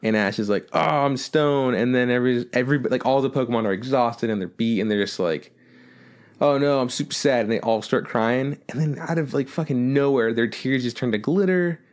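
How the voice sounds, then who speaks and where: A man's voice: medium pitch, brisk, few pauses. A man co-hosting a podcast, animatedly recapping a movie in casual chat, swearing often and jumping into silly voices for the characters. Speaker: podcast co-host.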